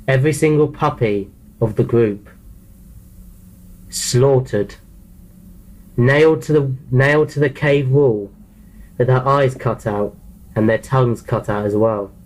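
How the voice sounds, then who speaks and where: A man of ordinary pitch narrates a horror story in the first person. He reads plainly, tripping over words and repeating phrases as he goes. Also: takes it slowly, long pauses, darkish tone, rough recording. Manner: plain reading with frequent restarts.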